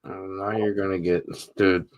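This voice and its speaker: A man with a very low voice trading dry, teasing banter on a podcast. He sounds close to the mic, with a dry sound and no echo. His delivery stays flat and matter-of-fact. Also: normal speed, highs cut off. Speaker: podcast co-host. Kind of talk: casual chat.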